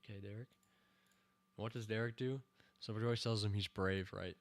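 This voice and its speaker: A man hosting a casual stream, reviewing a TV season scene by scene, rambling with fillers and breaking into excited cheers and laughter. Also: on the low side, normal speed. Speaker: show host reviewing a TV season.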